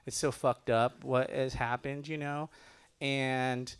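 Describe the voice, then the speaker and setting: A middle-aged man from Los Angeles doing a lively stand-up comedy set at a benefit show. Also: medium pitch, slow pace, clean tone. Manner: animated, loud comic impressions of relatives.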